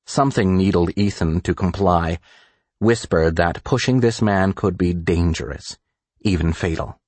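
A man narrating a thriller audiobook in a measured, deliberate reading style. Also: deep voice, darkish tone, no room sound.

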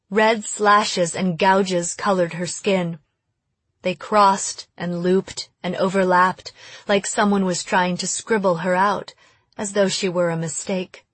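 A woman narrating an audiobook in a steady storytelling voice. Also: fairly low pitch, no room sound. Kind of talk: scripted narration.

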